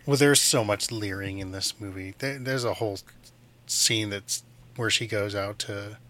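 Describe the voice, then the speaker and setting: A man's voice: on the low side, measured pace, a bit bright, a little hiss or hum. A man guest on a podcast, talking casually and playfully about a film. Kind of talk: casual movie discussion.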